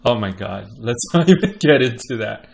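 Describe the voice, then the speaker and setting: A man's voice: mid-range voice, lively intonation, measured pace, creaky, slight background noise. A man co-hosting a podcast, chatting casually with many "like" fillers and frequent laughs. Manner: laid-back, laughs often, many "like" fillers. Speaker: podcast co-host. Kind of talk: casual chat.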